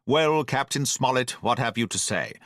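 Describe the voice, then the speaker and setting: Guy reading a touchy bossy squire, brisk and lordly, audiobook, lively up and down voice. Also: medium pitch, no room sound, clean studio sound, lightly acted. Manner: brisk, commanding, quick to take offence.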